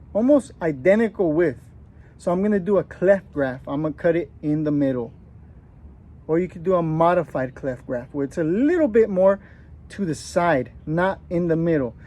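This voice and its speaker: A man's voice: high-pitched, warm tone. A man in his thirties, joking casually with a put-on Australian accent while giving a hands-on gardening how-to outdoors. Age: 30s. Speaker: gardening vlogger.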